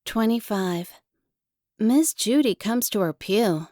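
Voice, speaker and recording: A woman, the author, reading her own first-person memoir aloud in gentle, earnest short phrases. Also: on the high side, expressive, slow pace, no room sound, studio quality.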